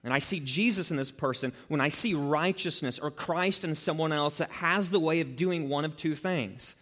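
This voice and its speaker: Animated male preacher in an echoing hall. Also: on the high side, normal speed. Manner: animated preaching that acts out quoted people. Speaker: pastor. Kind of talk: sermon. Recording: long hall reverb.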